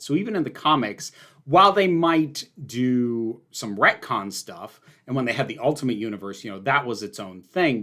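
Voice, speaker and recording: A man's voice: mid-range voice, fairly bright tone. A man hosting a casual livestream, answering viewer questions in an opinionated, emphatic way with lots of fillers.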